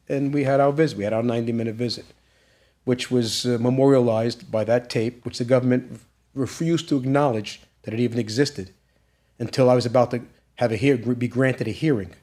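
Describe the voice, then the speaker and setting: A man speaking at an ordinary, middle pitch tells an emotional story in a podcast interview. He acts out the quoted lines of others and becomes emphatic and intense as he presses on the key points. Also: mellow. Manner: retells events with acted-out quoted dialogue, growing intense and emphatic. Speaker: interview guest.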